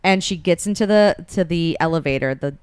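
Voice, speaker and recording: Young woman podcast host, low smooth voice, dry close sound, casually recaps a story and voices the characters. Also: a little fast, dry recording. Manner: animated retelling, acts out characters' lines. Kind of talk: casual chat, retelling a romance story.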